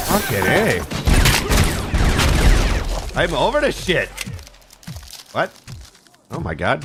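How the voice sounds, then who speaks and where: Swearing man over loud game music. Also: a little high. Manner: swearing, sarcastic, jumpy reactions. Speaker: gamer playing a shooter. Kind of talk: casual gameplay commentary.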